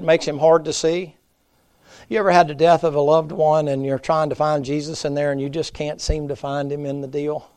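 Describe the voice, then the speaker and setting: A man preaching a revival sermon in a church, dropping to a hush and then climbing back up to loud emphasis. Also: on the high side, smooth. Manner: folksy preaching, swings from hushed to loud. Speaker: pastor.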